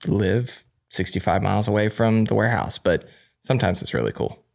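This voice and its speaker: A man's voice: fairly low pitch, lively intonation, brisk, vocal fry, a little mellow. A middle-aged man, a guest on a podcast, talking candidly in a casual, self-deprecating way with frequent fillers. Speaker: guest, staging company owner.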